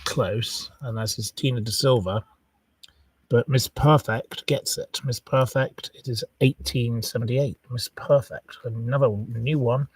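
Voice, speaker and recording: A man's voice: mid-range voice, steady tone, a little slow, a little mellow, breathy edge, distant mic, rough recording. A man hosting a live quiz, chatting casually, rambling and reeling off long lists of wrong answers. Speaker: quiz host on a live stream.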